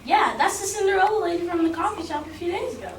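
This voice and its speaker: Extra, theatrical Bobby, read by a woman in a very high voice. She tells her tale with storytelling flourish. The sound is roomy, off-mic, with a faint noise beneath. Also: animated, quick pace, recorded from a distance. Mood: playful. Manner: reading lines with storytelling flourish. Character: Bobby, a theatrical over-the-top girl. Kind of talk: rehearsal line reading.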